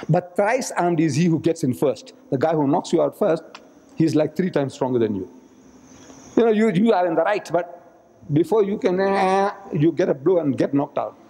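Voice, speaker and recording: High-voiced man lecturing in an echoing hall. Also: a little mellow. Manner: dramatic storyteller acting out the speakers he quotes. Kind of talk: storytelling religious lecture. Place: mosque hall. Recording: echoey hall archive recording.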